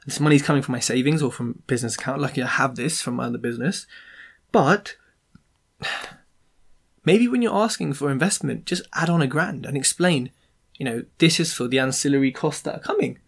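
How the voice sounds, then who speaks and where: A man hosting a podcast, ranting in an animated, sarcastic and exasperated way. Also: mid-range voice, brisk, vocal fry, pauses often. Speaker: podcast host, property investor. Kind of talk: casual ranting monologue.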